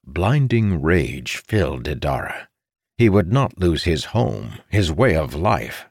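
A man narrating a fantasy story as an audiobook reader, in an expressive, dramatic way. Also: deep voice, takes it slowly, vocal fry, slightly rough, dry recording, studio quality.

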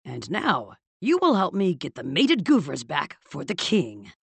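Female narrator as a scheming, failing father: husky, lively intonation, calm and cold. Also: deep voice, unhurried, no echo, full character voice. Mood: calculating. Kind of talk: audiobook character voice.

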